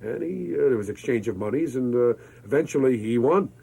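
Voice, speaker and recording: A husky-voiced radio DJ from Brooklyn, New York, appears as a guest in an interview, telling stories with energetic exuberance. His voice is medium-pitched and a little fast, and the recording is rough.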